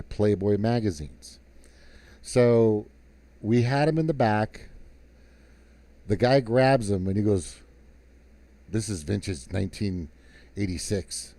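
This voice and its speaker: Man, low and dark, profane and heated storyteller, close dry sound. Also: no room sound. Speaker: live stream guest. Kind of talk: casual storytelling and political rant.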